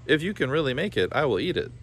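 A man's voice: fairly high pitch, big pitch swings, fast talker, fairly bright tone, breathy edge, voice pushed up, full character voice. A man doing a skeptical wry cat. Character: skeptical teasing tomcat, male.

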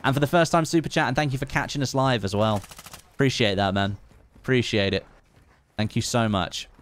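A man's voice: medium pitch, brisk. A man streaming gameplay live, upbeat and chatty, thanking viewers between laughs. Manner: upbeat, thanks donors warmly, laughs often. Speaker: gaming streamer.

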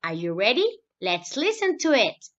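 A woman's voice: fairly high pitch, wildly swooping pitch, moderate pace, a bit bright. A woman teaching English to children, explaining in English and then repeating each point in Spanish. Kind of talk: recorded online lesson for children. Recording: dull lo-fi voice recording.

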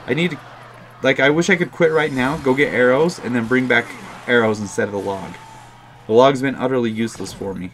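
A man's voice: mid-range voice, a little fast, faint music behind. Frustrated young man commentating a mobile game. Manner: frustrated, self-mocking, swings to loud outbursts. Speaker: gaming YouTuber.

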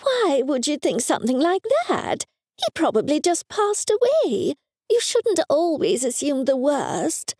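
A woman's voice: high voice, sing-song, unhurried, darkish tone, no room sound, studio quality, pitched above the performer's own voice, exaggerated voice. A woman voicing a fussy, superstitious older mother who scolds her daughter in a raised, insistent voice. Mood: dismissive.

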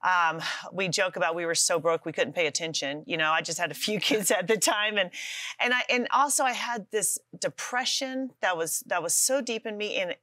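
A woman's voice: fairly low pitch, moderate pace, sharp tone, dry recording, clean studio sound. A middle-aged woman, a guest author, telling her story earnestly with self-deprecating humor on a talk show. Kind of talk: testimony in a studio talk show.

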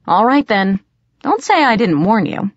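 A woman's voice: medium pitch, big pitch swings, unhurried, dry recording, highs cut off, pitched above the performer's own voice. A woman voicing a cocky, teasing teenage boy fairy trickster in an audiobook, breezy and grinning. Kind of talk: audiobook character voice.

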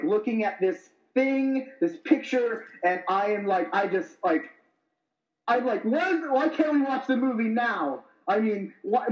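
A man's voice: high voice, roomy sound, lo-fi sound. A man co-hosting a casual podcast, rambling and filling his talk with "like". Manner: rambling, peppered with "like". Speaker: podcast co-host.

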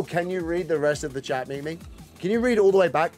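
Chatty male game streamer, a touch high-pitched, loose and rambling, faint music underneath. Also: animated, fast talker, a little mellow. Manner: chatty, rambling, greets and answers chat, laughs often. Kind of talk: casual live-stream commentary.

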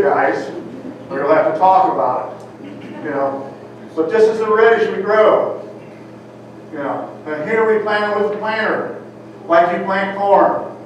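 Folksy older farmer in an echoey hall. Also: male voice, fairly high pitch. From Ohio. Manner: folksy storyteller, sprinkles in "you know". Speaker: farmer giving a talk. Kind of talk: folksy conference talk. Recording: echoey hall, distant mic, dull and noisy.

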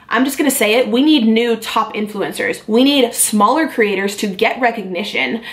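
This is a young woman talking straight to her viewers in a candid vlog. Her voice sits at a middle pitch. She speaks earnestly and confides in them, with plenty of ums and likes. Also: fairly bright tone. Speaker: beauty vlogger.

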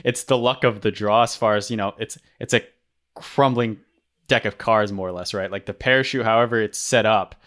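Man, low pitch, casual storytelling, halting, rambling. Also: fairly even intonation, fairly bright tone. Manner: rambling, halting, many restarts. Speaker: former rescue swimmer guest.

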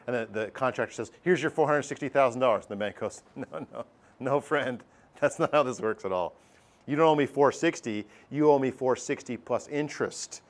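A middle-aged man teaching a math class, lively and joking, acting out his students' voices. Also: medium pitch. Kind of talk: classroom lecture.

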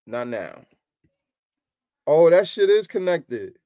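High voiced dude doing sneaker stream banter, super animated and slangy, dry close mic. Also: male voice, measured pace, dry recording. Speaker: sneaker channel host. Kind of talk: casual streaming chat.

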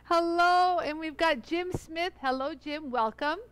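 A Los Angeles-area woman hosts a live stream demonstrating jewelry tools at a studio bench under bright lights, chatting casually and effusively greeting viewers one by one. Her voice is very high-pitched and a bit bright, at a measured pace with no echo.

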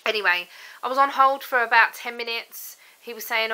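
A woman's voice: fairly high pitch, moderate pace, sharp tone, low-quality recording. A young woman vlogging at home, chatting in a rambling, exasperated way. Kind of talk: casual vlog chat. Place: home, indoors.

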